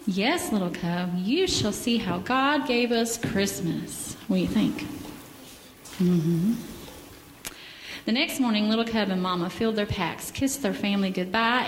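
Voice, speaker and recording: A woman gently reading a picture book aloud to children in church, pausing to ask them questions. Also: medium pitch, a little hiss or hum. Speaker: children's story leader. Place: church sanctuary. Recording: echoey hall with faint ambience.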